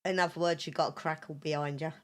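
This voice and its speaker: A woman's voice: low voice, steady tone, fast. A woman co-hosting a casual podcast, easygoing and chatty. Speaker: podcast co-host. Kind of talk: casual chat.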